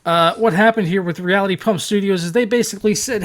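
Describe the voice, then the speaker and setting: A man co-hosting a casual tech news show, animated and mocking, often repeating his words. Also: sits high, quick pace, few pauses. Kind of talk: casual tech podcast chat.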